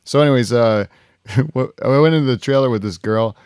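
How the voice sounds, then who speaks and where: A man's voice: medium pitch, fairly quick, darkish tone, clean tone, no echo, clean studio sound. A man hosting a podcast, telling a road trip story in a loose, laughing, swearing way. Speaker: podcast host. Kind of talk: casual storytelling chat.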